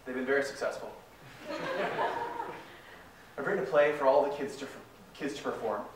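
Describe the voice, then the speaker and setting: A man's voice: medium pitch, moderate pace, a little hiss or hum, natural voice. A man playing a cocky, nonchalant seven-year-old boy who boasts about his own success. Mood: smug. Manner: smug, self-assured boasting. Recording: echoey hall, mic far off.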